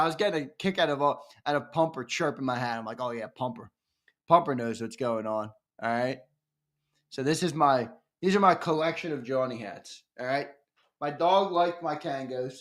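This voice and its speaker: Excitable man hosting a live stream. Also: a little high. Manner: excitable, bursts into loud hollers. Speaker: host of a sports fan show. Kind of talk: casual live-stream chat.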